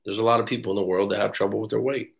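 A man's voice: on the low side, racing, creaky. A man working as a breakup coach, talking casually on a live stream and acting out quotes as he tells stories. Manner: casual, animated storytelling with acted quotes. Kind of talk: live-stream book review talk.

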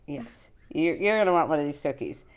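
A woman's voice: low-pitched, lively intonation, fairly quick. A woman in her sixties hosting a live cooking show, chatty and encouraging, reading out greetings from viewers. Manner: frequent fillers and restarts. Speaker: host of a children's cooking show.

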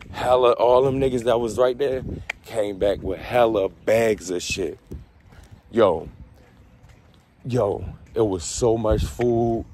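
Low-voiced man telling stories. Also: slight background noise. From Baltimore. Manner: profane, slangy and animated. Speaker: vlogger. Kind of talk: casual storytelling.

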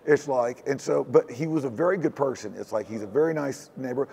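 A man's voice: medium pitch, brisk, creaky, a little mellow, husky. A man from Texas, talking as an interview guest in a rambling, looping way. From Houston, Texas. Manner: rambling, looping phrasing with frequent "it's like". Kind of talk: casual conversational interview. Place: hacker convention floor.

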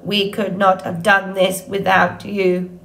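A calm, literal-minded robot speaks in plain, measured sentences, read aloud by a woman. Her delivery is careful and precise, with little colour in the voice. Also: medium pitch, creaky, slight background noise.

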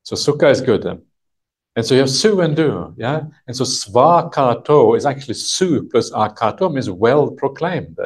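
Guy teaching meditation at a retreat, kinda husky, medium pitch, lots of uh and yeah, slow and patient. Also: expressive. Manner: halting, thinks aloud, many "uh" and "yeah" fillers; gentle, patient explaining. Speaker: Buddhist monk teaching a retreat. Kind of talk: unhurried dharma talk explaining a text. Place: retreat session with a live audience.

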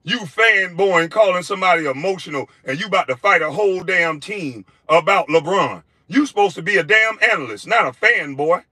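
A former basketball player ranting at someone with insults and mockery. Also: male voice, sits high, animated, a little fast, few pauses, bright, forceful tone, slightly rough, no echo. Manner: insulting, mocking, profane. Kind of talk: profane rant in a played clip.

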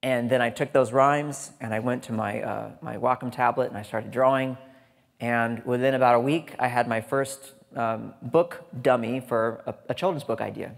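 Recorded with the reverb of a large lecture hall, this is a man delivering a lighthearted conference talk, chatty and joking with asides to listeners. His medium-pitched voice is creaky and steady in tone at a normal speed.

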